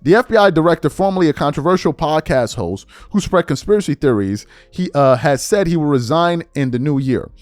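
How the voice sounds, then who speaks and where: A man's voice: a little high, lively intonation, a little fast, few pauses, no echo, soft background music. A man hosting a podcast, giving heated political commentary and reading news articles aloud with incredulous questions. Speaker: podcast host.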